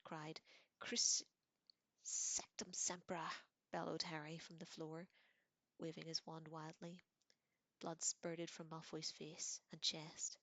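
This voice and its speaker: A woman reading a novel aloud dramatically, dropping into hushed whispers for tense passages. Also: deep voice, no room sound. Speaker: reader.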